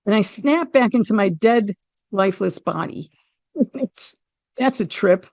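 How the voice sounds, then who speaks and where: A middle-aged woman from the United States, a podcast guest telling a personal story in an animated way and acting out her own quoted lines. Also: medium pitch, a little slow, no echo. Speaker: interview guest.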